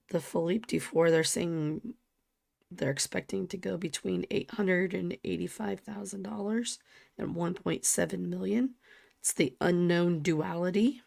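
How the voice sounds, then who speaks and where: A woman co-hosting a casual livestream, talking slowly and often dropping into a soft near-whisper. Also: lowish voice, gravelly, no room sound, clean studio sound. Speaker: livestream co-host.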